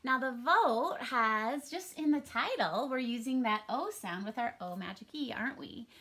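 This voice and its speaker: A woman's voice: on the high side, animated, moderate pace, pushed and bright. A woman teaching a first grade reading lesson for a home recording, upbeat and encouraging in a sing-song teacher manner.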